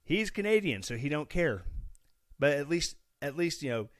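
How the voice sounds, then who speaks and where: A man's voice: a little high, sing-song, moderate pace, no echo, clean studio sound. A man from Missouri hosting a casual podcast, chatty and sarcastic with a self-mocking streak. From Missouri, USA. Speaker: podcast host. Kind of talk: casual solo podcast commentary.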